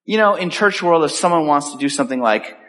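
A male pastor preaching a sermon in an animated way, acting out the voices he quotes. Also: on the high side, fast. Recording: echoey hall with long reverb.

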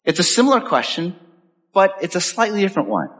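A male pastor preaching a sermon in an animated way, acting out the voices he quotes. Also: high voice, fast talker. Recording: echoey hall with long reverb.

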